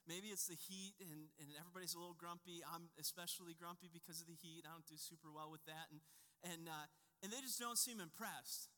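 A man's voice: fairly high pitch, a little fast, bright, forceful tone. A man in his thirties preaching a sermon, telling a story in a conversational way before turning to scripture. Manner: conversational storytelling with a personal anecdote. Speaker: pastor. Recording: long reverb of a large hall.

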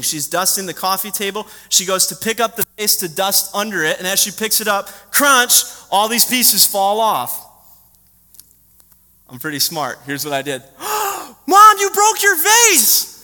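Bright-voiced preacher man in a reverberant church. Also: high voice, normal speed. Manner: animated storytelling preacher, quizzing the children. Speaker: pastor. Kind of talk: sermon to a congregation. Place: church sanctuary. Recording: long hall reverb.

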